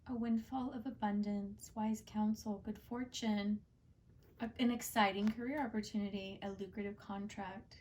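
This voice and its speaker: A woman's voice: medium pitch, steady tone, normal speed, a little mellow, distant mic, slight background noise. A woman giving a casual, heartfelt tarot reading, chatty and full of fillers. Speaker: tarot card reader and channel host.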